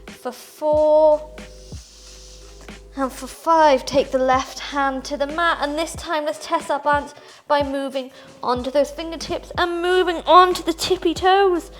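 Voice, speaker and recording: Young female yoga instructor, high and bright, cueing poses and counting breaths over faint music. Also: moderate pace, hardly any pauses. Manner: upbeat, counts breaths aloud while moving through poses. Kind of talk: guided yoga class instruction.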